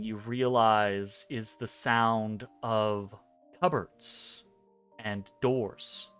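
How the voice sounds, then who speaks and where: A man narrating a dream scene as game master of a tabletop game, measured and hesitant, pausing between phrases. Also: mid-range voice, clean tone. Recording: soft music behind.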